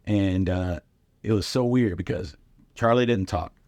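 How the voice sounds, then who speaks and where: Animated storyteller man, low dry voice. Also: unhurried, no echo. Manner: animated anecdotes with lively impressions, frequent fillers. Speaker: guest comedian and radio host. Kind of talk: casual storytelling.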